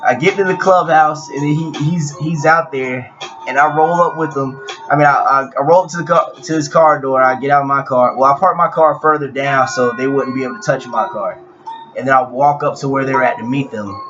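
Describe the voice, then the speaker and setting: A young man telling a personal story in a laid-back, profane way, with frequent restarts. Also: mid-range voice. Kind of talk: casual storytelling. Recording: dull lo-fi audio with clear music behind.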